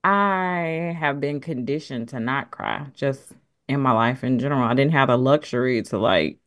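A woman co-hosting a podcast, talking in casual chat in an expressive, emphatic way. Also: extremely low pitch, normal speed, no echo, clean studio sound. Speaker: podcast co-host.

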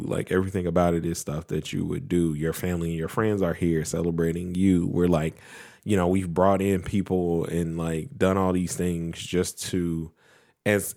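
A man's voice: sits low, a little mellow. A man co-hosting a podcast, chatting casually with lots of fillers and restarts. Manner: rambling, many "like" fillers and restarts. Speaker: podcast co-host. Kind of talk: casual chat.

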